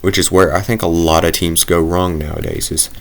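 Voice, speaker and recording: A man's voice: low-pitched, steady tone, a little fast, gravelly. A man giving casual, rambling commentary while playing a football video game, thinking aloud and joking at his own expense. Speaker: gaming commentator.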